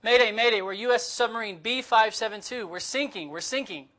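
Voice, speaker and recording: A man voicing a panicked male submarine radio operator who makes a loud, urgent distress call in the middle of a joke. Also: high voice, brisk, pitched above the performer's own voice.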